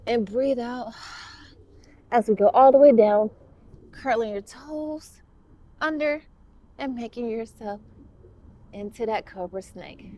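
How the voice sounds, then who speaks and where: A woman's voice: fairly high pitch, slow, long pauses, warm tone. A woman guiding a kids yoga class, upbeat and encouraging with playful cues.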